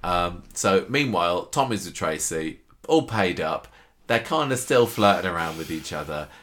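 A man co-hosting a podcast, chatting casually and retelling soap scenes with quick impressions of the characters. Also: sits low, expressive, fairly bright tone. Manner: chatty, jokey, recounts scenes in quoted voices. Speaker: podcast co-host. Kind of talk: casual chat recapping a soap.

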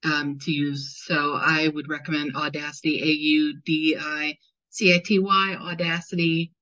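A woman co-hosting a podcast, giving practical tips in a relaxed, casual way. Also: low voice, unhurried. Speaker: podcast co-host. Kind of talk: casual chat. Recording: dull lo-fi sound.

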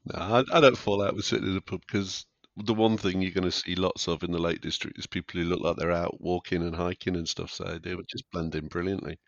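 A man's voice: low-pitched, flat delivery, a little fast, vocal fry, few pauses, no room sound, lo-fi sound. A man co-hosting a podcast, talking casually in a laid-back, dry way. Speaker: podcast co-host. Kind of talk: casual chat.

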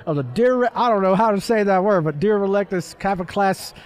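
A man's voice: high voice, expressive, a little fast, clear, resonant tone, pitched above the performer's own voice. A man putting on a drawling Southern country storyteller. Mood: hammy drawl. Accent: put-on American Southern. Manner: drawling, stumbling over long words, laughing between lines. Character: exaggerated Southern country man reading aloud.

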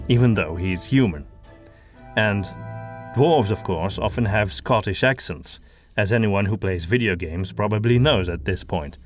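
Man explaining with lively pitch. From Belgium (Antwerp). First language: Flemish. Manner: explanatory, lightly humorous. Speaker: audio drama creator and voice actor. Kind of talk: behind-the-scenes commentary.

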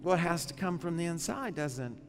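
A man's voice: on the high side, expressive, a little fast, in a large hall, background noise. A man, a pastor, preaching a sermon in a conversational way, often putting questions to the congregation.

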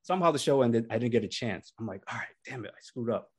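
Young man, casual storytelling, animated, mid-pitched voice, podcast chat. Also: fast, slightly rough. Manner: animated, acts out voices in his stories. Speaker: podcast co-host.

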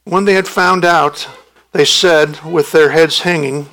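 Male pastor, sermon delivery, slow and measured, bright gravelly tone, emphatic. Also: a little high, fairly even intonation, slight background noise, low-quality recording. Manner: emphatic, rising sharply when voicing the disciples' protests.

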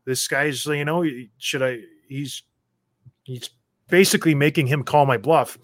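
A man, a former hockey enforcer, telling stories as a guest in a casual chat and getting loud as he acts out his own rants. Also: a little high, a little slow, dry recording, clean studio sound. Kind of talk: casual storytelling.

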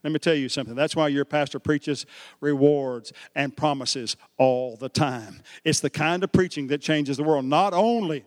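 A man preaching a sermon, telling stories with big swings from hushed asides to shouted lines. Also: on the high side, no echo, clean studio sound, long reverb tail. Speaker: pastor.

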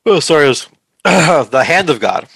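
A man's voice: fairly high pitch, sing-song, moderate pace, gravelly, fairly bright tone, husky, dry recording, poor audio. A man co-hosting a movie podcast, talking in a casual, hesitant way with lots of fillers and restarts. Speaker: podcast co-host. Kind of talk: casual movie review chat.

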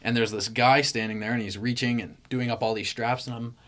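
A young man telling a story in casual chat, animated and full of "like" fillers, acting out his own panic. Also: mid-range voice, a little fast.

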